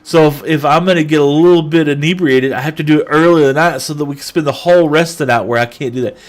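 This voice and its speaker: A man streaming a game, chatting with viewers and telling a long anecdote in a casual, animated way. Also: on the high side, fast. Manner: chatty, animated storyteller who talks to chat. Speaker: gaming livestreamer. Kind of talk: casual chat and storytelling while gaming.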